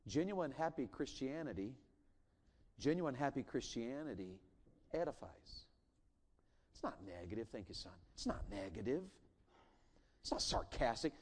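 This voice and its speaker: Preacher with big swings, loud to hushed. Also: male voice, medium pitch. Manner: swings from loud and emphatic to hushed and intimate, jokey asides. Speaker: revival preacher. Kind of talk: sermon. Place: church sanctuary.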